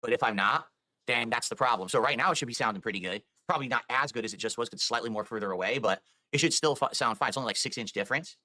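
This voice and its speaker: Man, streamer, rapid rambling talk, defensive explaining, dry close sound. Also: mid-range voice, pushed and bright, dry recording. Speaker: video game streamer. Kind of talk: live stream chat.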